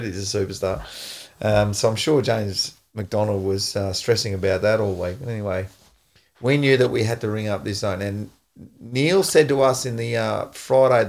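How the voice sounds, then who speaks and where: An Australian man and former footballer, hosting a casual chat and telling an animated story with frequent laughs. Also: fairly low pitch, gravelly. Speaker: podcast host, former footballer.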